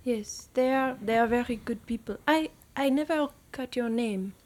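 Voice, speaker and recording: A woman voicing a shy, humble young male gnome necromancer, speaking softly and politely. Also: on the high side, normal speed, pitched above the performer's own voice, close to an everyday voice. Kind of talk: tabletop role-play.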